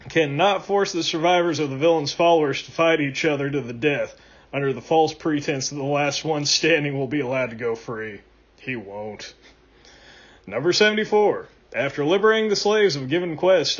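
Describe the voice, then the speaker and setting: A higher-pitched man reads a comic list in a deadpan way, lifting his voice on each number and sinking it at every punchline. The recording is muffled and lo-fi. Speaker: list reader. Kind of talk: comedic list reading.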